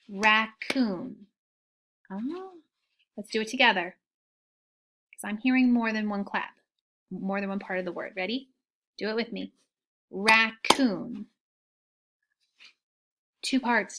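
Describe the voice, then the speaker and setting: A woman teaching young children a phonics lesson, slow and encouraging in a sing-song way, with soft whispered asides. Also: on the high side, slight background noise.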